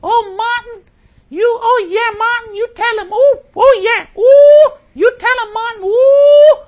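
A man putting on a falsetto voice for an excited woman shouting from a rally crowd. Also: measured pace, highs cut off.

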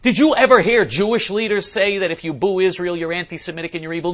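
A man giving a political commentary monologue, emphatic and repetitive, who often clears his throat. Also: a little high, lively intonation, quick pace, hardly any pauses, a bit bright.

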